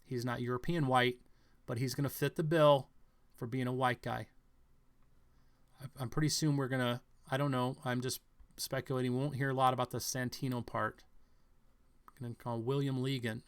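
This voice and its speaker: A man's voice: mid-range voice, little pitch movement, smooth. Man thinking aloud over the news. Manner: halting, speculative, many fillers and restarts. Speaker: online news commentator.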